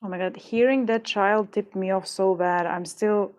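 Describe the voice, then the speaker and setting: A woman's voice: medium pitch, steady tone, moderate pace, darkish tone. A woman streaming live while she works on beadwork, muttering and rambling in frustration and swearing now and then. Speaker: livestreamer making beadwork. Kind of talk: casual livestream chat while crafting.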